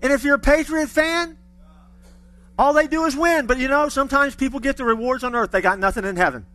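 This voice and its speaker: High bright guy preaching, chatty sermon w/ jokes and restarts. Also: a little fast. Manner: conversational preaching, with humorous asides and repeated restarts. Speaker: pastor. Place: church.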